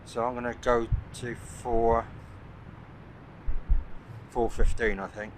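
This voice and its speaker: A man of about sixty, working as a landscape photographer vlogger, chats casually to camera while snapping photos on a coastal cliff at sunset. His medium-pitched voice is flat and slow, and he rambles, thinking aloud with plenty of hesitations and "uh"s. The audio quality is poor, with outdoor noise clearly audible in the background.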